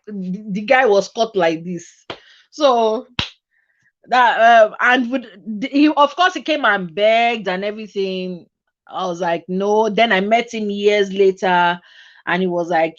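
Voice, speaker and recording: A woman, hosting a casual chat and telling a personal story with lots of laughter and acted-out voices. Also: medium pitch. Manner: animated, laughs often, acts out voices in her story. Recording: dull lo-fi recording.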